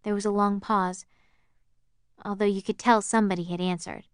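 A woman narrating an audiobook in the first person, with a smooth, clear voice. She reads at an even, measured pace. The sound is dry and close. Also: mid-range voice, no echo.

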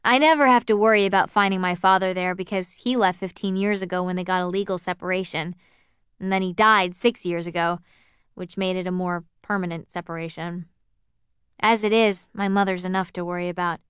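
A woman's voice: lowish voice, fairly even intonation, brisk, smooth, no room sound, clean studio sound. A woman narrating a novel in the first person, in a wry, observant tone. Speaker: audiobook narrator.

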